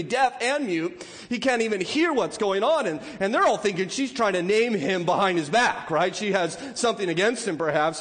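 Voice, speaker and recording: A man's voice: high voice, big-room sound. A man preaching a sermon in a conversational way, often repeating words and playfully acting out the voices of people in the story. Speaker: pastor.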